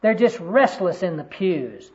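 A man's voice: high-pitched, very animated, measured pace. A man doing a vain, indignant pastor who boasts about his following, in a sharply raised, strained voice. The sound is dull and lo-fi, like an old sermon recording. He talks with self-important bragging. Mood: boastful. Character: boastful proud middle-aged male pastor.

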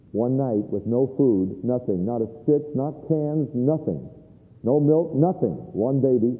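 An older man preaching a sermon as a pastor, telling stories animatedly, moving between hushed and emphatic passages. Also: mid-range voice. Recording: tinny phone-like sound in a reverberant hall.

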